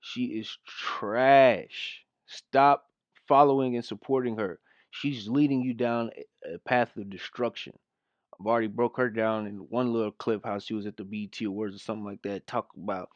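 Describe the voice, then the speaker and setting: A man's voice: lowish voice, steady tone, normal speed, dry recording, dull audio. A man giving scornful reaction commentary on a video clip, mocking what he plays. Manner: scornful, mocking, mimics voices. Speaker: commentary host.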